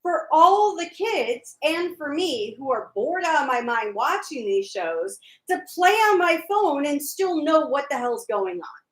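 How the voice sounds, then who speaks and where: A woman's voice: high voice, big pitch swings, a little slow, few pauses, reverberant, low-quality recording. A woman co-hosting a casual chat about a TV show, teasing and arguing her point. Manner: teasing, argumentative. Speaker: podcast co-host.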